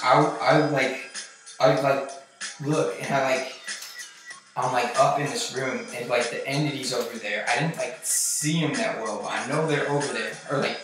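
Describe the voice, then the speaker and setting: A man recounting a personal experience in a halting, rambling way, full of fillers and swearing. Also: mid-range voice. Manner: halting, filler-heavy, profane. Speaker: vlogger recounting a trip. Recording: very echoey, distant mic, music behind.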